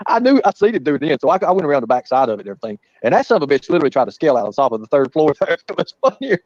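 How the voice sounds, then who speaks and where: A man's voice: a little high, sing-song, rapid-fire, darkish tone, no room sound. A man, telling rambling, profane, laughing anecdotes in casual talk. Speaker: guest storyteller. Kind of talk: casual storytelling. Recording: muffled lo-fi audio.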